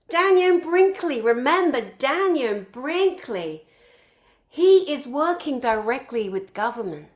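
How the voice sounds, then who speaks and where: A woman organizing a conference, introducing its speakers one by one and piling up effusive praise in long lists. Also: lowish voice.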